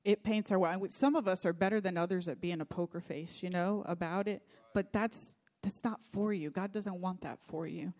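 A woman's voice: on the low side, normal speed, few pauses, darkish tone. A middle-aged woman pastor preaching a sermon, telling a personal story in an earnest, faith-focused way.

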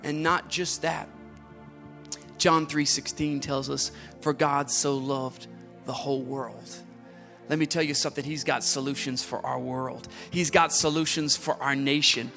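A man preaching a sermon, repeating phrases with rising emphasis and moving from hushed whispers to fervent near-shouting. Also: medium pitch, steady tone, unhurried, vocal fry, faint music behind. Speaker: pastor.

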